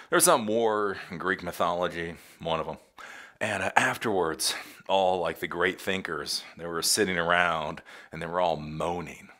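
Male host, casual commentary, low voice with big swings, sarcastic, laughs a lot. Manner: sarcastic, animated, laughs often.

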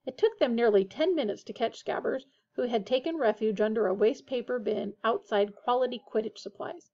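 A woman narrates a storybook aloud with a steady, expressive delivery. Her voice sits a little high, and the recording sounds dull and lo-fi. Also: fairly quick, gravelly. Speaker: audiobook reader.

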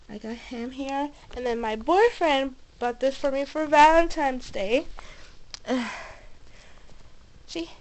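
A woman's voice: sits high, a little hiss or hum, poor audio. A young woman showing off her collection in her bedroom in a casual vlog, bubbly and gushing with little cheers, a bit out of breath and sick. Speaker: vlogger. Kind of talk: casual show-and-tell vlog. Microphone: camera mic, moving handheld.

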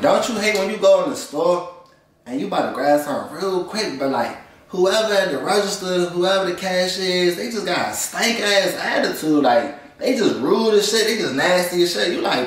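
A man's voice: high voice, recorded from a distance. A young man hosting, delivering a profane, rambling, slang-heavy comedic rant. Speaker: host. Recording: echoey room, voice away from mic.

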